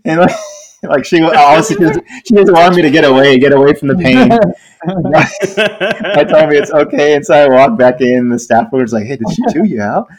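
A man telling an embarrassing story in casual podcast chat, animated and laughing often, with frequent restarts. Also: on the high side, normal speed, crowd noise. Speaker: podcast co-host.

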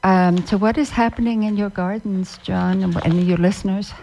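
A woman's voice: medium pitch, fairly even intonation, normal speed, warm tone, slight background noise. A woman who is a master gardener, chatting casually as a radio guest and often repeating and restarting words.

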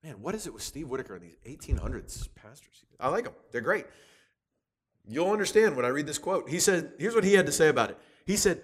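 Chatty man preaching, fairly high voice. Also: quick pace, breathy edge. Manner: lively, chatty, restarts with repeated words. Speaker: youth speaker teaching from Proverbs. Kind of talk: conversational sermon.

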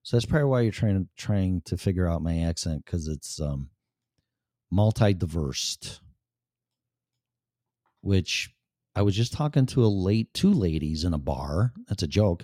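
A man's voice: deep voice, dark tone, no room sound, clean studio sound. A man in his fifties from Chicago with a Chicago accent, hosting a casual podcast monologue in a blunt, profane, rambling way. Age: 50s. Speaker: podcast host.

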